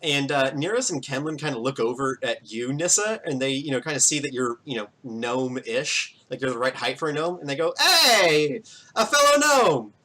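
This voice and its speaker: A man's voice: medium pitch, brisk, few pauses, a bit bright, low-quality recording. A man narrating a tabletop game as game master, in a loose, rambling way with lots of fillers.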